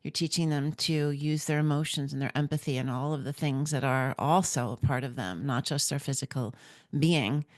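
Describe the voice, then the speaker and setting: A woman hosting a podcast interview, affirming and enthusiastic, often answering with a quick agreement. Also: a bass voice, dry recording, studio quality. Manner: affirming, frequent "mm-hmm", enthusiastic. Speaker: podcast host. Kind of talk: casual interview chat.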